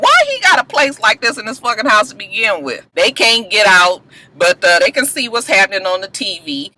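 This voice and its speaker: A woman vlogger recaps TV episodes in lively, profane, chatty talk and keeps checking in with "okay?". Her voice is bright and forward in tone. The pitch sits around the middle for a woman. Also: poor audio. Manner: animated, profane, tags lines with "okay?". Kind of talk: casual recap chat.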